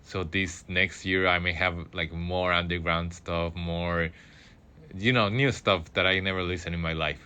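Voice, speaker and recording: Rambling low-voiced male radio host. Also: steady tone, sharp tone, smooth. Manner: rambling, halting, many fillers and restarts. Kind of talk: casual solo radio talk. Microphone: studio microphone.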